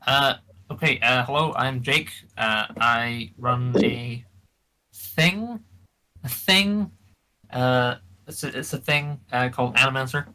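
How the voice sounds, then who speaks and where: A man introducing himself on a video-call stream in a halting, hesitant way. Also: mid-range voice, pushed and bright, poor audio. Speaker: guest, streamer. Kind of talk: casual chat.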